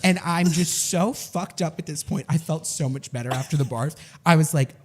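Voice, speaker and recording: A man's voice: a little high, moderate pace, hardly any pauses, breathy edge. Laughing young man telling a story. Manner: animated, laughs often while telling. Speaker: podcast co-host. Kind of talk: casual storytelling chat.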